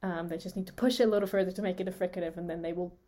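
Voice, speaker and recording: A woman's voice: on the low side, steady tone, very fast, dark tone. A woman, a native Swiss German speaker, co-hosting a podcast and explaining how consonants are made, demonstrating the sounds aloud and laughing often. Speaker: co-host explaining speech sounds. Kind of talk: podcast lesson, casual chat.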